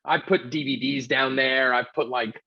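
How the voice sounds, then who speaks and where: A man's voice: mid-range voice, steady tone, moderate pace, husky. A man from New City, sick with covid, telling a rambling, profane story as a comedy podcast host. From New York City. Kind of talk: casual storytelling chat. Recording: dull lo-fi sound.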